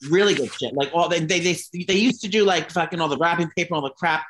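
A gay man co-hosting a casual gossip chat, swearing freely and telling animated stories full of fillers. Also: a little high, fast, slight background noise. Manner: profane, animated storytelling with lots of fillers. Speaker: podcast co-host.

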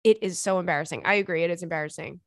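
A woman's voice: lowish voice, racing, no echo. Young woman podcaster reading emails, sassy and giggly, dry close mic. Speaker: podcast host. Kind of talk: casual chat, reading listener emails.

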